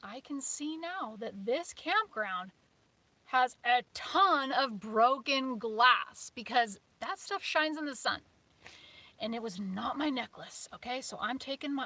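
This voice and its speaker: A woman in her forties chatting casually on a live stream from her car at a campsite, telling a story with sudden whispers and excited exclamations. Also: on the high side, a little slow. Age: 40s. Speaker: vlogger.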